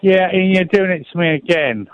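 A man's voice: sits high, moderate pace, no room sound, low-quality recording. A man on a phone-in, teasing the host in casual banter. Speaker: regular caller.

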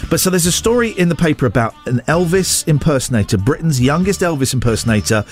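A man hosts a radio show in rambling, jokey chat. His voice sits a little high and swings widely as he riffs. Faint music runs under the talk. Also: fast. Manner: rambling, jokey, animated storytelling. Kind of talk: casual chat.

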